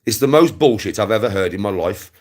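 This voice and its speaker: A man's voice: lowish voice, expressive, fast. A young man ranting aggressively to his livestream viewers, swearing and repeating himself. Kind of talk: angry rant to camera.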